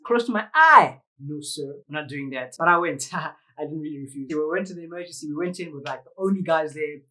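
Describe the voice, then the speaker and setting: A man with a slightly high voice and a South African English accent tells an animated story to his camera, rich with slang, sound effects and quoted voices. The audio is poor, with a little hiss or hum.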